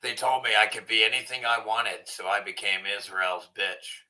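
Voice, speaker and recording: A man hosting an online commentary show, ranting in a crude, profane way and sometimes shouting. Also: fairly low pitch, moderate pace, low-quality recording. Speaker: channel host. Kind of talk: casual commentary rant.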